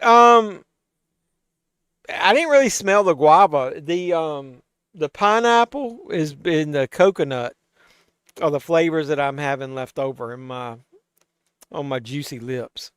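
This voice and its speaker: A man's voice: fairly high pitch, smooth, no echo, clean studio sound. A man hosting a live watch-along stream, chatting casually with viewers, loose and profane and a little tipsy from drinking. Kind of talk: casual live-stream chat, reading chat aloud.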